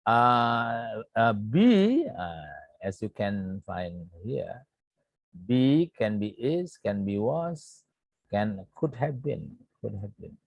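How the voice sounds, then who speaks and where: A man with an Indonesian accent teaches English grammar in an online lecture, speaking slowly, repeating points and checking in with a frequent "yeah." His lowish voice is creaky with big pitch swings, and the lo-fi recording has no echo.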